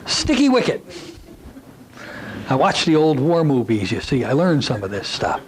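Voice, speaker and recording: Folksy and conversational, this man walks a class through a hypnosis technique, dropping in asides to his listeners. He speaks a little fast at medium pitch with lively intonation; there's slight background noise and the audio is poor.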